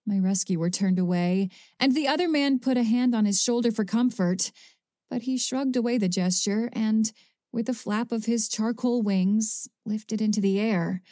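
Mellow woman reading an audiobook. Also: a little high, normal speed, no echo, studio quality. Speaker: audiobook narrator. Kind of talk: first-person audiobook narration.

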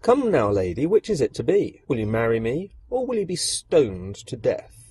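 A man voicing a vain, scheming male emperor who speaks in a smug, mocking, drawn-out way. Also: medium pitch, huge pitch swings, dark tone, slight background noise.

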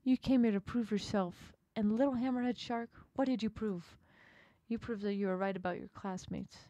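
A cruel, mocking sea monster from a video game gloats over its prey, as a woman reads its lines aloud. The voice sits at an ordinary middle pitch, slow and taunting, and the sound is close and dry with no room around it. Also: steady tone, warm tone, dry recording, muffled recording, natural voice. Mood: gloating. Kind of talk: reading a game's dialogue aloud.

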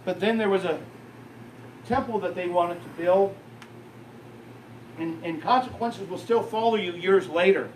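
A man preaching in a church, his voice pitched high for a man. He tells the story at a storyteller's pace, building up and then dropping low. The recording catches him from a distance, with the sound ringing around the room and faint ambience behind. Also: unhurried, pauses often, roomy sound, a little hiss or hum. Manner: storytelling preacher, rising and falling in intensity. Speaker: pastor. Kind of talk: sermon. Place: church sanctuary.

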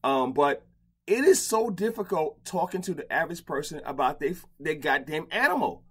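A middle-aged man hosts a casual interview with a husky edge to his voice. He is blunt and profane, swinging from low grumbles to loud, animated rants. The sound is close and dry, from a closet lined with blankets. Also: normal speed. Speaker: podcast host. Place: home closet padded with blankets.

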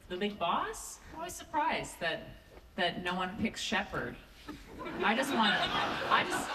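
A woman on a convention panel, talking frankly and teasing. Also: a little high. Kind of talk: casual panel chat. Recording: echoey hall, distant mic, noisy.

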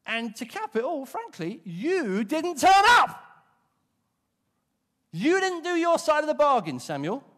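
A British man preacher voicing a defensive young king who protests loudly and blames everyone else. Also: very high voice, very animated, a little slow, vocal fry, pauses often, voice pushed up, exaggerated voice. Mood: whining, indignant. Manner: whining, protesting, rising to indignation. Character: defensive, self-pitying young king blaming others. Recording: long reverb of a church hall.

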